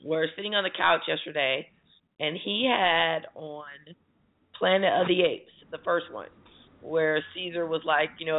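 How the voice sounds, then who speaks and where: A woman's voice: low voice, creaky. Chatty woman storyteller on a tinny line. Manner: chatty storytelling, animated retellings. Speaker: radio talk show co-host. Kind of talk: casual chat.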